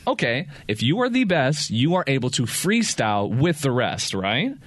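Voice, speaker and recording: A man's voice: mid-range voice, normal speed, no echo. Podcast guy ranting about music, voice goes up and down a lot, cusses a bunch, dry close mic. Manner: animated, opinionated, swears freely. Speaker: podcast host. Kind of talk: casual chat.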